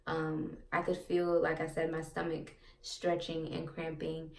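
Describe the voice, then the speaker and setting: A woman's voice: sits low, completely flat delivery, measured pace, creaky, far from the mic. A young woman vlogger casually telling a personal story to her viewers, chatty and rambling with lots of fillers and repeats. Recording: echoey room, off-mic.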